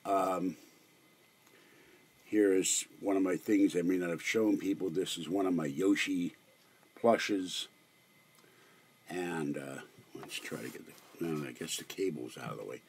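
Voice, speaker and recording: Man in his sixties, Pittsburgh accent, a bit low, meandering vlogger who stops and restarts often. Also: fairly even intonation, a little mellow, breathy edge. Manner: halting, meandering, many fillers and restarts. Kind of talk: rambling home vlog.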